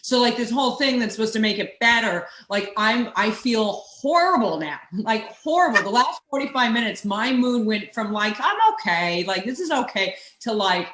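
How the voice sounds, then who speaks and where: A woman's voice: fairly high pitch, moderate pace, hardly any pauses, fairly bright tone, roomy sound. A woman co-hosting a podcast in casual chat, rambling and wry, often laughing through her words. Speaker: podcast co-host.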